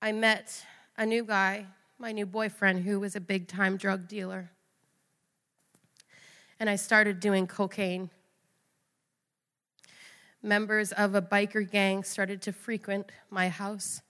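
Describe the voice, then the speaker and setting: A woman's voice: mid-range voice, level tone, takes it slowly, long pauses, a bit bright. Woman giving a raw, earnest testimony. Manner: earnest, confessional, raw emotion. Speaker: speaker giving a personal testimony. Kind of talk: emotional personal testimony. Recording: long hall reverb.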